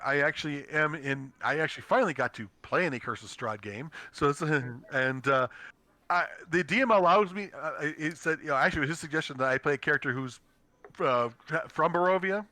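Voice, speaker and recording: A man's voice: a little high, pushed and bright, dry recording. A man running a tabletop game as dungeon master, narrating with many fillers, restarts and easy laughs. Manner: laughs easily.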